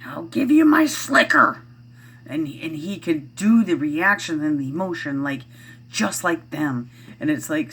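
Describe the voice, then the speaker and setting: A middle-aged woman vlogging at home, chatting casually in a rambling way with lots of fillers and restarts. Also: low voice. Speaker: parent vlogger. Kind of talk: casual chat to camera.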